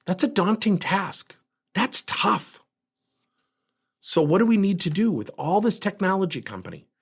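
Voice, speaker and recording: Male podcast host, middle-aged, lively up-and-down delivery with a slightly husky edge; emphatic coaching monologue. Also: high voice, unhurried. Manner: animated, emphatic, acts out quoted dialogue.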